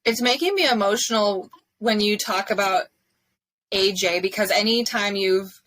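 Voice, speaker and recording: A woman hosts a casual podcast conversation, asking gentle questions and responding with open support. Her voice sits at a middle pitch and sounds dry and close to the mic. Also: moderate pace, no room sound, low-quality recording. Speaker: podcast host.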